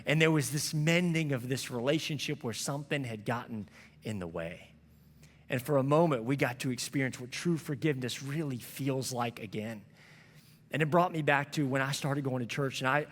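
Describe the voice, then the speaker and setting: A man's voice: mid-range voice, big-room sound. A man preaching a sermon as a pastor, telling a story in a conversational, earnest way. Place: church sanctuary.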